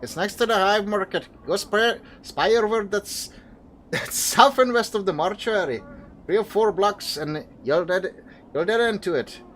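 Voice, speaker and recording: A man voicing a gruff male slum local who drawls folksy talk in a put-on accent. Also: high-pitched, a little slow, fairly bright tone, a little hiss or hum, pitched above the performer's own voice. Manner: drawling, folksy, says aye.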